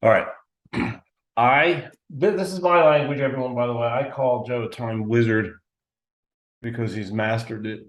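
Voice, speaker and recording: A man's voice: mid-range voice, normal speed. A man hosting a podcast interview, speaking in a thoughtful, conversational way and giving short affirmations. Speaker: podcast host.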